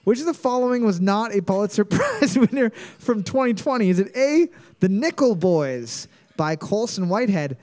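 A man's voice: high voice, big pitch swings, moderate pace, few pauses, darkish tone. A man hosting a comedic trivia quiz, playfully reading each question twice with exaggerated emphasis. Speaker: quiz host.

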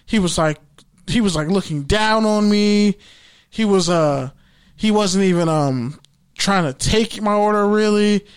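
Young man, casual storytelling, profane, animated, acts out quotes, slightly high voice. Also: unhurried, clean tone. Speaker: podcast host.

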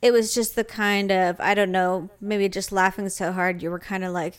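A woman's voice: medium pitch, steady tone, normal speed, clear, resonant tone. A woman co-hosting a podcast, chatting casually with a playful, teasing manner and frequent laughs. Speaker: podcast co-host. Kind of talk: casual chat.

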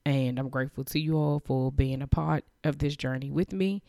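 A woman in her thirties hosting a podcast, talking earnestly and emotionally, with halting restarts and repeated phrases. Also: extremely low pitch, gravelly, dark tone, no echo, clean studio sound. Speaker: podcast host. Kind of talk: heartfelt faith-based podcast monologue.

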